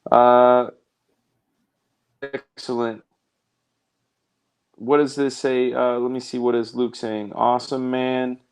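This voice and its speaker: A man's voice: mid-range voice, flat delivery, takes it slowly, long pauses, clear, resonant tone. A man hosting a live art stream, chatting casually in a rambling, jokey way and reading out viewer comments. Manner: rambling, self-interrupting, jokey.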